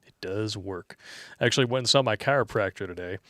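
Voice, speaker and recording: A man co-hosting a casual talk show, reading donations aloud, animated and profane with frequent laughter. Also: fairly low pitch, fast talker, no room sound, studio quality. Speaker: podcast co-host.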